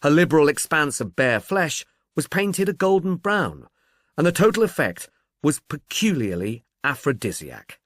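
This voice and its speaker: Male audiobook reader, animated delivery, dry close studio sound. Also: on the high side, moderate pace, no echo. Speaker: audiobook narrator. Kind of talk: scripted narration.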